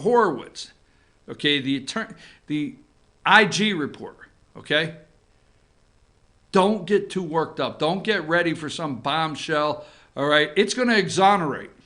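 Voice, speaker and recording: A man hosting an opinion show, giving casual political commentary in an animated, sarcastic way that swings from loud outbursts to low muttering.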